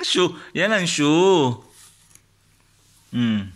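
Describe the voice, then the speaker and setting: A man's voice: a little high, very animated, drawn-out words, a bit bright. A man with a Filipino accent patiently quizzing his young child with picture cards, asking questions and praising each right answer. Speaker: father teaching his child. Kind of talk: coaxing flashcard quiz with a toddler.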